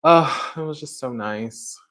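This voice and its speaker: A man's voice: medium pitch, a little slow, fairly bright tone. A man hosting a casual livestream, rambling through a story with lots of "like" and "um" while talking directly to a viewer in chat. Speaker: livestream host.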